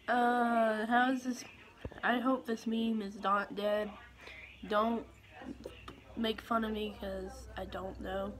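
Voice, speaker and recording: A woman's voice: fairly high pitch, little pitch movement, very slow, long pauses, slight background noise, rough recording. A woman hosting a reaction video, making incredulous, mocking asides and wry commentary.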